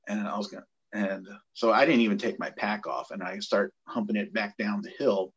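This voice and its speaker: A middle-aged man, a former corpsman, telling a story from his training in a casual, animated way, and acting out the voices of the people in it. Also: fairly low pitch, fairly quick, husky, muffled recording. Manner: animated, acts out quoted voices. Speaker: guest, former Navy corpsman.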